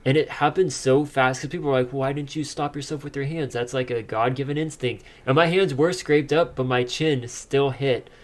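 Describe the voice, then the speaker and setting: A man's voice: mid-range voice, normal speed, few pauses. Young man telling a story. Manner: animated storytelling, laughs often. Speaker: podcast co-host. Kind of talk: casual chat.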